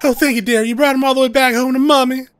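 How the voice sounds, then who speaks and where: A man's voice: extremely high pitch, fairly even intonation, fast, fairly bright tone, clean tone, soft background music, pitched above the performer's own voice. A man voicing a fussy, doting older woman who coos over her cat, reading game dialogue aloud. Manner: cooing, fluttery, sing-song.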